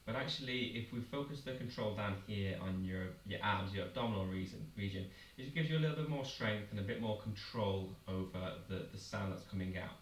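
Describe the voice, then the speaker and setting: Low-voiced man coaching a vocal warm-up. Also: brisk, hardly any pauses. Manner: clear, encouraging step-by-step coaching with demonstrated sounds. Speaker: singing teacher. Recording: roomy echo, a little far from the mic, faint noise.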